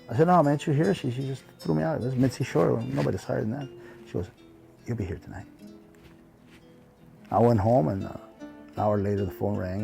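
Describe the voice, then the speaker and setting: A man with a heavily gravelly, dark-toned voice recalls old friends in a reflective interview. He talks in a loose, heartfelt way, leaning on "you know" and slipping into the voices of people he remembers. Faint guitar plays softly underneath. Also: medium pitch. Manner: acts out remembered dialogue in his telling. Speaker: interview guest, comedian. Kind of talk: reflective storytelling in conversation.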